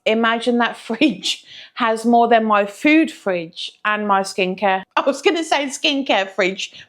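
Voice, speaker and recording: A woman's voice: a little high, animated, measured pace. Woman swearing through jokey commentary. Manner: profane, jokey, laughing often. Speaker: commentary host. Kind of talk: casual reaction commentary.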